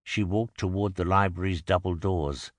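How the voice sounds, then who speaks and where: A man narrating an audiobook in a measured, expressive storytelling manner. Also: deep voice, no echo, clean studio sound. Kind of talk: scripted narration. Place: recording booth. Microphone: close studio mic.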